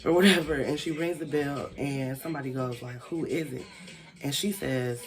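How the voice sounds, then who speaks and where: A vlogger with a medium-pitched, slightly fast voice tells a wild personal story over soft background music. It's a casual storytime monologue, chatty and packed with "like" fillers and free swearing, and she animatedly acts out the people involved.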